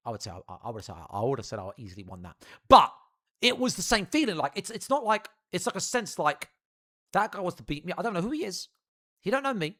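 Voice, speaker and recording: A man's voice: mid-range voice, fairly bright tone. A young man telling a rambling, profane story to his live stream audience.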